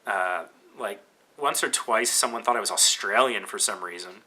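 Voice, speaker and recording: Bright-toned Canadian man, rambling podcast talk. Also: on the low side, moderate pace, breathy edge. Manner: rambling, conversational with frequent fillers and restarts. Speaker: podcast host. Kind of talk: casual podcast monologue.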